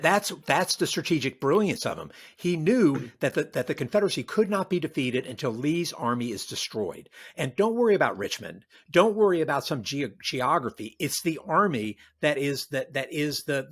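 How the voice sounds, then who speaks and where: Retired army general, 60s, from the American South, a touch high-pitched; animated podcast guest, talks in bursts with restarts. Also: male voice, moderate pace, hardly any pauses, breathy edge. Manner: animated, acts out quoted voices, frequent restarts. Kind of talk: podcast interview.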